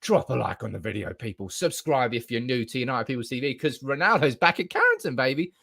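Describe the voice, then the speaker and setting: A young man hosting a fan channel live stream, excitable and hyped-up, reacting with bursts of enthusiasm. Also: mid-range voice, quick pace, creaky, no room sound, studio quality. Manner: excitable, hyped-up, calls viewers baby.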